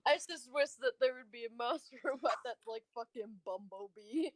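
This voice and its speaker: A woman chatting casually with friends before a tabletop game, giggling through deadpan jokes. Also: a little high, normal speed, no room sound. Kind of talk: casual chat among friends.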